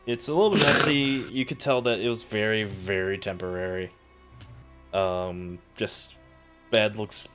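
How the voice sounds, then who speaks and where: A man's voice: on the low side, steady tone, measured pace, fairly bright tone, soft background music. A man narrating a tabletop role-playing game as game master, in a loose, rambling way with fillers.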